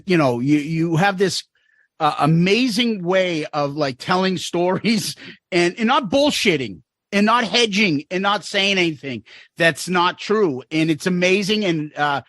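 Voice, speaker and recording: Podcast guy, high voice, dry close sound, gushing over the guest. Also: no echo. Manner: warm, admiring, laughs along. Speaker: podcast co-host. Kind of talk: interview chat.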